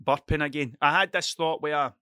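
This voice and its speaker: Scottish male podcaster, solo monologue, bright punchy voice, rambling sweary storyteller. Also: on the high side, normal speed, clean tone, no echo, clean studio sound. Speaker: podcast host. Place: at home at a computer desk.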